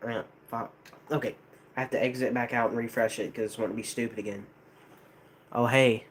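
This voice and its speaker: A man's voice: mid-range voice, steady tone, fairly quick, slight background noise. A young American man rambling casually to a live chat, hesitant, with many restarts. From United States. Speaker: streamer.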